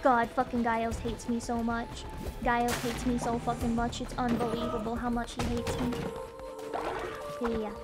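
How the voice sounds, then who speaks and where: High-voiced young woman streamer, foul-mouthed and excitable, casual chat over loud game music. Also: moderate pace. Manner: excitable, swears a lot, frequent loud outbursts.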